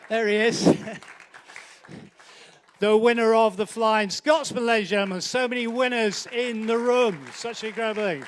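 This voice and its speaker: A man's voice: high-pitched, fairly even intonation, moderate pace, some chatter behind, a little hiss or hum. A man hosting an awards night, doing joking live banter as he walks between the banquet tables and teases guests by name. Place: large indoor banquet hall.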